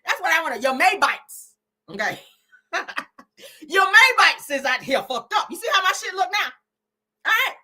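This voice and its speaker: A woman's voice: very high voice, big pitch swings, normal speed, long pauses, pushed and bright. A woman hosting a casual gossip commentary live stream, brash and profane, laughing often and calling her viewers "girl.". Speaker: host.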